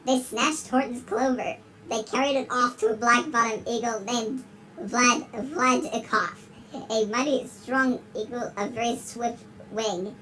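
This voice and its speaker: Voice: mid-range voice, fairly even intonation, unhurried, pushed and bright, rough recording. A performer voicing a giggly big-lipped alligator who gives a dramatic rhyming storybook reading. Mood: storytelling. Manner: reads in rhyme and keeps breaking into giggles.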